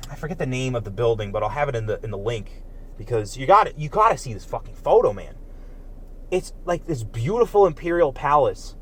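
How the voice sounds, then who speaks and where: Agitated man on a profane political rant. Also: a little high. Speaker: political commentator.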